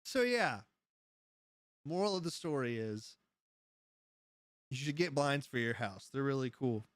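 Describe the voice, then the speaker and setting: A man's voice: mid-range voice, expressive, measured pace, no room sound, clean studio sound. A man hosting a casual live stream, rambling through stories, laughing often as he goes and answering his chat. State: high. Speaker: livestream host.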